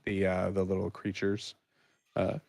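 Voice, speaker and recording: Halting low-voiced man as game master. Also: monotone, vocal fry, darkish tone, no room sound. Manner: halting, many ums and restarts. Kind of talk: narrating a tabletop game.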